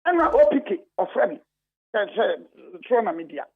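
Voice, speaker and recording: Ghanaian male guest on a phone line, high and lively voice, emphatic and repetitive. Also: a little fast, gravelly, husky. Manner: emphatic, repetitive, mixing English and Twi. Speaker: radio guest, party official. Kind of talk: heated radio phone-in talk.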